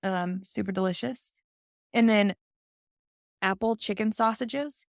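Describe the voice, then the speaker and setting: A young woman co-hosting a podcast in an easy, chatty way, filling her talk with "like" and laughing often. Her voice has a gravelly, fry-tinged edge at a middle pitch. The sound is close and dry. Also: slow pace, no room sound. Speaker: podcast co-host. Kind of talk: casual chat.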